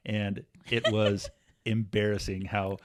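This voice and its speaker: Man, low voice, playful casual podcast co-host. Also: little pitch movement, slow pace, no room sound. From United States. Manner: joking, playful. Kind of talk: casual chat.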